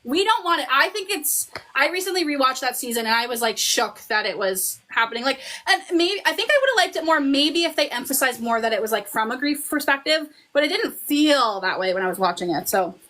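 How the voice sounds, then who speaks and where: Bright high-voiced young woman streamer. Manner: excited fan gushing, quick run-on retelling. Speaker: livestream host. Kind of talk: casual chat.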